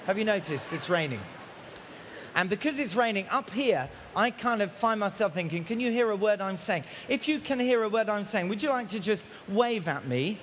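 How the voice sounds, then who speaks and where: High-voiced preacher, shouting. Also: male voice, lively intonation, normal speed, long reverb tail, a little hiss or hum. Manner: shouting loudly to carry in the rain. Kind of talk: outdoor sermon. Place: outdoors, at a camp in the rain.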